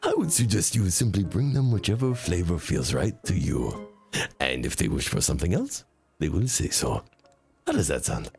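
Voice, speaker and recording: A man voicing a calm, wise old forest keeper in a video game, speaking slowly and gently in a lowered voice. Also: vocal fry, exaggerated voice. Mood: gentle. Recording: faint background game music.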